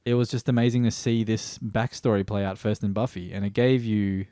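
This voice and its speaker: A man's voice: on the low side, fairly even intonation, brisk, mellow, no echo, studio quality. A man reviewing a TV series in a rambling, stream-of-consciousness way, swearing casually and often restarting sentences. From Australia.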